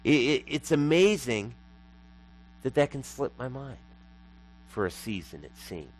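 A man's voice: mid-range voice, sing-song, unhurried, poor audio. A man preaching a sermon as pastor, emphatic and repeating lines for effect.

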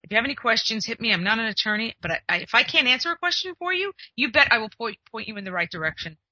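A woman's voice: on the high side, expressive, racing, pushed and bright, no room sound, highs cut off. A woman who works as a literary agent and hosts a show, giving chatty, emphatic advice and acting out the conversations she describes. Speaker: literary agent and podcast host. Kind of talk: casual advice monologue.

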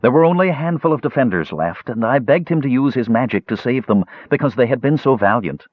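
A man voicing a gentle, grieving woman weaver who speaks softly through tears, his voice raised higher. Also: lively intonation, a little fast, natural voice. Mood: sorrowful. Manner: soft, tearful pleading. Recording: slightly dull lo-fi audiobook recording.

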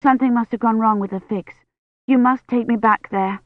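A woman's voice: a little high, steady tone, a little fast, dry recording, voice pushed up, close to an everyday voice. Feverish, frightened young historian, a woman reading her lines, slightly raised voice, dull muffled studio sound. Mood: feverish pleading.

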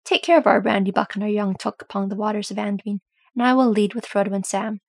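A grim, weary ranger, read by a woman, speaking gravely and measuredly as he tells an old tale. The voice is rough with fry and a touch husky. It is a close, dry audiobook reading. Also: medium pitch, fast, no room sound.

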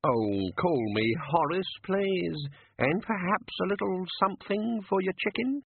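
A man's voice: high-pitched, animated, measured pace, vocal fry, slightly rough, dry recording, pitched above the performer's own voice, full character voice. A man voicing a fussy older wizard who is flustered and overly polite. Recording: narrow phone-like sound.

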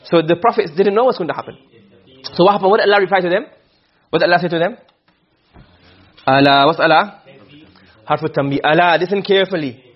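In a dull lo-fi recording, a man teaches a classroom lesson on Quranic rhetoric. His voice sits high with a breathy edge, and he talks fast with long pauses, posing questions and then answering them himself.

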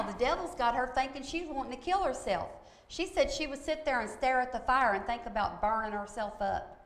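A woman's voice: on the high side, a bit bright. A woman telling a story in a sermon, emphatic and often asking "okay?" to drive points home. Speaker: preacher. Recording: echoey room.

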